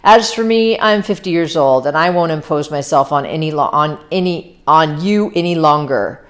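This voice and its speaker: A woman's voice: deep voice, lively intonation, moderate pace. Woman voicing a solemn fifty-year-old gangster. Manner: solemn, self-important. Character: older male gangster, sentimental and boastful. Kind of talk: amateur read-aloud.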